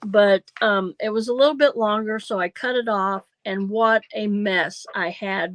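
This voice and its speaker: A woman's voice: medium pitch, steady tone, unhurried, hardly any pauses, poor audio. A woman in her seventies hosting a crafting livestream, chatting casually and thinking aloud while she works.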